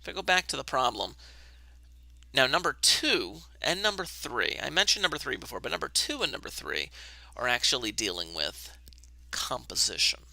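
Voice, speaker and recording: A male math teacher explains algebra to his online class in a loose, chatty way, muttering to himself as he sets things up. His voice is gravelly and very bright, and his pitch moves around a lot, recorded on a webcam. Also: sing-song, normal speed, no room sound. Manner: casual, talks to himself while setting up camera.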